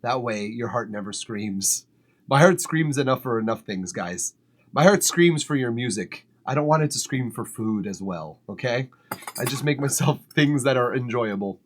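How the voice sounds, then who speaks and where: At his home studio, a man runs a music feedback livestream, eating as he chats. His medium-pitched voice moves at a normal speed, and he stays relaxed, swears casually and laughs a lot.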